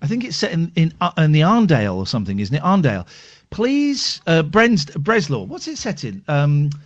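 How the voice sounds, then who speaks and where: Joking male radio host, higher voice, swinging wildly in pitch, lo-fi broadcast sound. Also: wildly swooping pitch, normal speed. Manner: playful, self-mocking, swings between drawls and bursts. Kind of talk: casual radio banter.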